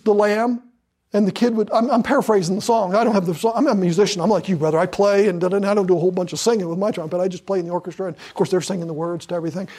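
A man's voice: high voice, mellow. A man preaching a sermon with fervor, hammering points through repetition and drawing out scripture for emphasis.

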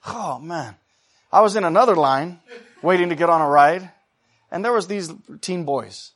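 A man preaching a sermon. He swings between loud, fervent exhortation and quiet, chatty storytelling, and he calls out to the congregation for responses. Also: high voice, moderate pace.

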